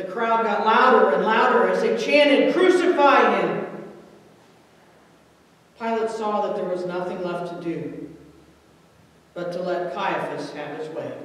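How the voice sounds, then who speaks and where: High-pitched guy reading the passion story real slow, far off in a big echoey church. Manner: deliberate, voices the crowd's shouts loudly. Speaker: scripture reader. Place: church sanctuary.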